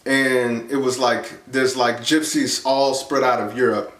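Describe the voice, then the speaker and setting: A man's voice: a little slow, recorded from a distance. A man from the United States talking in a casual, earnest monologue, rambling with many fillers and restarts. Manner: grows animated and higher when excited. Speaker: vlogger. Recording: echoey room, off-mic.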